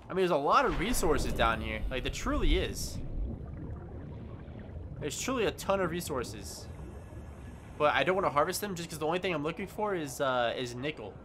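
A man's voice: a little high, sing-song, normal speed, long pauses, noisy background. A man giving casual gameplay commentary, rambling with stammering restarts and yelping in panic when startled. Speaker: gaming YouTuber. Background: game music.

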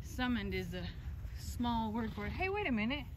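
A woman's voice: on the high side, very animated, normal speed, noisy background. A woman with a Texan accent talking casually to the camera on her farm, teasing and chatting with her animals. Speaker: farm vlogger. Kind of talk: casual vlog talk to camera. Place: outdoors on a farm.

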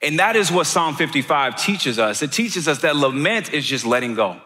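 A young man preaching to his church with a bright, forceful voice that rings through a big reverberant hall. He speaks earnestly, stumbles and repeats words, and rises to emphatic peaks. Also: fairly high pitch, animated, moderate pace. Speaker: pastor. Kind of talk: sermon. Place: church auditorium.

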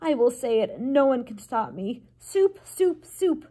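A woman voicing a weepy, ferocious older cook in a storybook read-aloud, with loud, wailing outbursts. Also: on the high side, moderate pace, natural voice. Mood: defiant, wailing.

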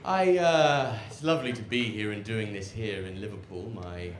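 A man's voice: lowish voice, normal speed. A man with a posh English accent doing a live stand-up set, sardonic, swerving between mutters and outbursts, on a handheld mic. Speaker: stand-up comedian. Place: open-air rooftop club stage with live audience. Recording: roomy live venue with loud crowd noise. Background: audience laughter.

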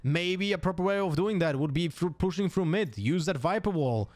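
A man with a non-native English accent doing live esports play-by-play, excitable and thinking aloud with restarts. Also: high-pitched, normal speed, no echo. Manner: excitable, jumps up to shouts on kills. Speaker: esports caster.

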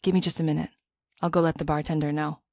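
A gentle, protective young Marine speaking earnestly and softly, read by a woman narrator. The voice stays low and close with a dry, plain sound, in an audiobook scene. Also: flat delivery, fast, creaky, no echo.

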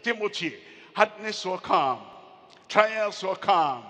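A male pastor preaching a sermon, slow and emphatic, repeating phrases and calling out to the congregation. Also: high voice, lively intonation, pushed and bright. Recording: long hall reverb.

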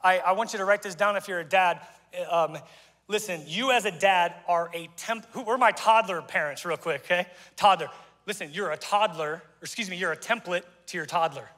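A middle-aged male pastor with a high, bright voice preaches in an informal, joking way and keeps tossing remarks to his congregation. His voice rings out with a long reverb from a church hall. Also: a little fast. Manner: conversational, joking asides to the congregation. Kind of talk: sermon. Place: church auditorium.

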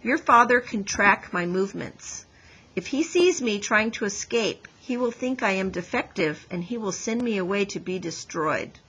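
A woman reading the lines of a calm female farm robot in a storybook, in a measured, plain way. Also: mid-range voice, husky, poor audio. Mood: earnest.

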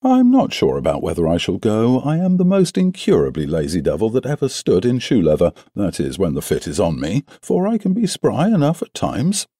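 A man voicing a cool, self-assured male detective in an audiobook, speaking crisply with a lightly mocking edge. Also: on the low side, wildly swooping pitch, fairly quick, few pauses, mellow, dry recording, studio quality, full character voice. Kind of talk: audiobook character reading.

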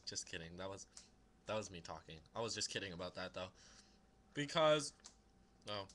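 A man's voice: low-pitched, animated, normal speed, long pauses, a bit bright. A young man casually vlogging at home, reading letters aloud in a mocking, sing-song voice. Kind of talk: casual comedic vlog.

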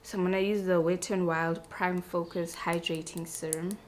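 Chatty woman, lowish voice. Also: level tone, moderate pace, slight background noise. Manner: chatty and self-mocking, laughs easily. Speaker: beauty vlogger. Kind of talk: casual chat while doing makeup.

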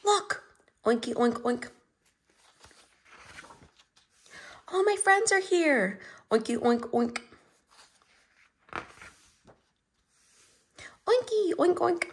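A high, squealing little pig girl bursts with cheer in a storybook voice, as a woman reader puts her on. She bubbles over with excitement, her pitch swooping up and down in lively leaps while she takes her time with every word. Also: a little slow, full character voice. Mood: joyful.

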